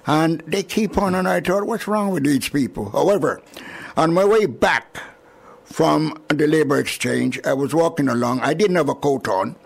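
An older man from Jamaica with a Jamaican accent, recalling his arrival in an oral history interview with chuckles and lively retelling. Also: fairly high pitch, normal speed, creaky. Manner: chuckling, animated storyteller.

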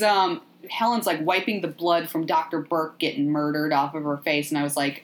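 A woman hosting a podcast, recapping a movie in a sardonic, profane, animated way. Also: sits low, normal speed, hardly any pauses. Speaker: podcast host. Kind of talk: casual movie recap chat.

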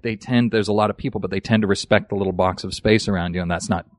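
A man's voice: fairly low pitch, fairly even intonation, quick pace, dry recording. A man guest on a podcast, chatting casually and self-deprecatingly about his acting career, full of asides. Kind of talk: casual interview chat.

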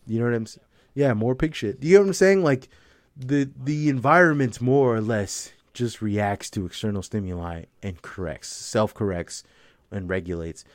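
A man's voice: on the low side, moderate pace, no room sound, studio quality. A young man in casual conversation, rambling and swearing, with lots of fillers and frequent laughter. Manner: profane, rambling, laughs often, filler-heavy.

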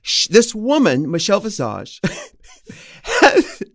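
A man co-hosts a casual chat, teasing and playful, stretching words for effect. His pitch swoops widely from high to low, and the sound is dry and close to the mic. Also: huge pitch swings, slow, a bit bright, dry recording. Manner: playful, teasing, with showy emphasis. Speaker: podcast co-host.

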